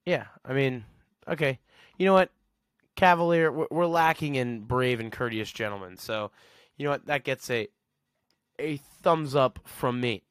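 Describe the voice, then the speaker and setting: A man's voice: medium pitch, unhurried, a bit bright, smooth, dry recording, studio quality. A man hosting a podcast, rambling sarcastically in a casual solo rant and chuckling at his own jokes. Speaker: podcast host.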